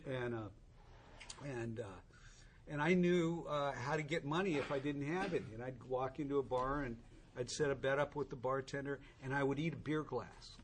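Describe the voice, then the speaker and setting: A man's voice: mid-range voice, normal speed, a little hiss or hum. A man in his sixties tells a humorous, rambling story to an audience at a recovery meeting, with many restarts.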